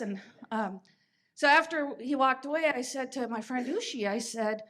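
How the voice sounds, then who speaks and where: A woman's voice: high voice, moderate pace, a bit bright. A woman in her fifties, a podcast host telling stories in a chatty way, with fillers and restarts. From United States. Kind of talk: conversational storytelling.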